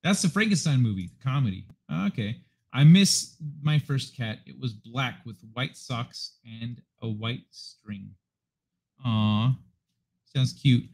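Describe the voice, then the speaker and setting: Slow, expressive and slightly rough, this man's mid-range voice belongs to a livestream host chatting from his apartment living room. He rambles casually to viewers at his desk mic and swears a good deal.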